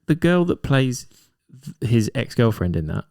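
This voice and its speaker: A man's voice: medium pitch, big pitch swings, normal speed, vocal fry, darkish tone, no echo, clean studio sound. A man co-hosting a casual film podcast, eagerly sharing film trivia. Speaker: podcast co-host. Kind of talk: casual chat.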